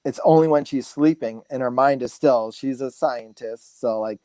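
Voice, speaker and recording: A man in his forties, a guest speaker, telling stories in a relaxed, rambling way full of fillers and restarts. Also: mid-range voice, normal speed, dry recording. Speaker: guest speaker, massage therapist. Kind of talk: casual storytelling interview.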